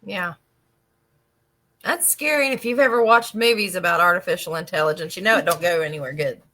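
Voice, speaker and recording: A woman's voice: lowish voice, brisk, pushed and bright. A woman co-hosting a casual podcast chat, mostly giving short replies and asking brief questions.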